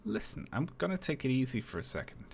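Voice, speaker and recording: A man's voice: medium pitch, huge pitch swings, fast talker, gravelly, slight background noise. A man streaming live, chatting casually, chuckling and reading on-screen text aloud with dry remarks.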